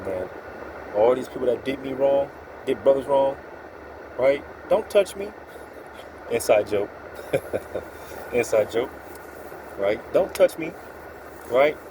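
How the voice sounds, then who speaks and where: A man's voice: mid-range voice, noisy background. A man giving an informal, profane, streetwise religious talk, quoting scripture with emphatic asides. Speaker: preacher.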